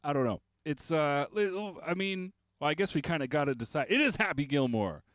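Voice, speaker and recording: Hosting a beatmaking livestream, a man chats casually and rambles while he works, cracking self-mocking jokes. His voice is fairly high, expressive, a bit bright, and fairly quick.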